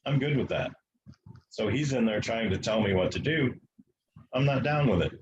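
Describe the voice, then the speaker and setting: A man from the United States, a guest telling a long story in an interview, matter-of-fact and halting with fillers. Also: medium pitch, animated, dull audio, slight background noise.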